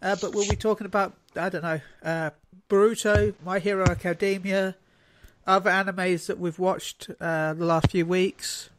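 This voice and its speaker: A man's voice: high-pitched, fairly even intonation, moderate pace, a bit bright. A man hosting a casual podcast chat, rambling and joking loosely. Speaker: podcast host.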